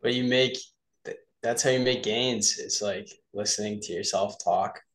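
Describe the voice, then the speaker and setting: Male podcast co-host, slightly low pitch, relaxed casual chat. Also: moderate pace, slight background noise.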